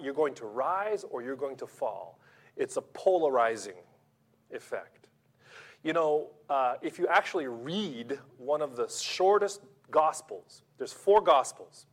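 A man preaching a sermon, emphatic and rhetorical, swinging between loud stresses and quiet asides. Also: fairly high pitch.

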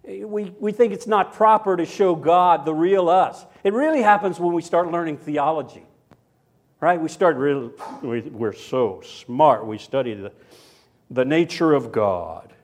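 A man's voice: on the high side, unhurried. An older man preaching a sermon in a chatty, anecdotal way, with frequent asides and tag questions. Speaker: pastor. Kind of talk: sermon with personal story.

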